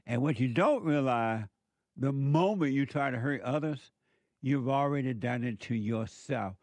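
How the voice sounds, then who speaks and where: A man's voice: mid-range voice, a little slow, a little mellow, no room sound. A man delivering a preaching monologue, emphatic and repetitive, full of rhetorical questions.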